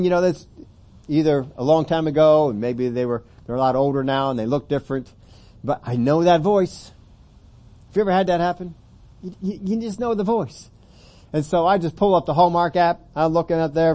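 Male preacher, slightly high, mellow tone, chatty sermon with emphatic readings. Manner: conversational, rising to emphatic scripture reading.

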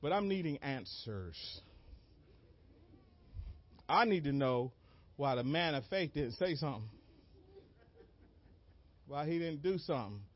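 A man preaching a sermon as an animated story, acting out moments with sudden shouted cries and laughing along. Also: fairly high pitch, measured pace, long pauses. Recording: dull lo-fi dry recording.

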